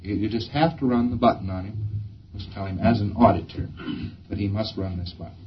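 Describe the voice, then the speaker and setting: A man's voice: fairly low pitch, brisk, a little hiss or hum. Folksy man lecturing on dull old tape. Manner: rambling, folksy, acts out little dialogues. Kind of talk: recorded lecture.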